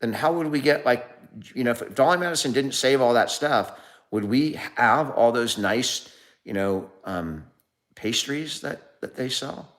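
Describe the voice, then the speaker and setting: A man's voice: medium pitch, animated, unhurried, fairly bright tone. A man hosting a casual livestream, rambling through jokes and loose asides. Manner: rambling, full of fillers and restarts, joking. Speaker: livestream host.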